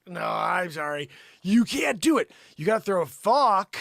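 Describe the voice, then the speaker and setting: A man hosting a live comedy stream, rambling through an improvised riff that swings between shouted outrage and mumbled asides. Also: sits high, very animated, moderate pace, creaky, breathy edge, no room sound, studio quality. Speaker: comedy livestream host. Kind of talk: unscripted comic riffing.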